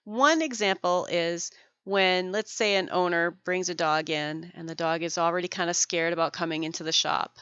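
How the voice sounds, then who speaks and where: A woman hosting a podcast for dog groomers, explaining things in an animated way, acting out examples and laughing often. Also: fairly low pitch, normal speed, smooth, no room sound, highs cut off. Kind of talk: educational podcast monologue.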